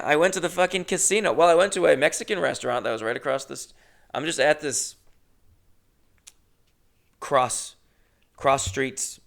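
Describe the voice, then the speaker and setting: A young man hosting a podcast, telling a comedic story in a rambling, profane, animated way. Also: mid-range voice, creaky. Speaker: podcast host.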